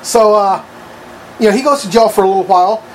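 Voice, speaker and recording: A man's voice: sits high, brisk, slight background noise. A man telling a long story in casual chat, rambling with lots of fillers and swearing. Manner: rambling, profane, full of fillers.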